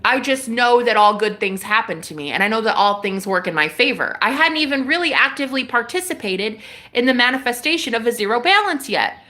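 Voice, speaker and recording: A woman's voice: a little high, animated, brisk, bright, forceful tone. A woman hosting a livestream, talking casually about spirituality and acting out phone calls in quoted voices. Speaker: livestream host.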